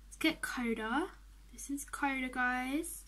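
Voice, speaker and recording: Excitable high-voiced young woman. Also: takes it slowly. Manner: chatty, excitable, drops into whispers. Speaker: gaming vlogger. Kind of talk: casual game commentary.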